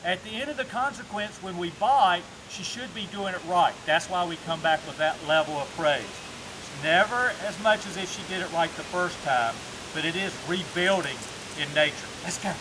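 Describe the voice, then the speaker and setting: Male dog trainer with a high speaking voice, instructional and methodical, checks in with "okay?" and gives upbeat commands. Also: normal speed, noisy background. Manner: explains step by step, often tagging on a checking "okay?"; switches to upbeat praise and commands while working the dog.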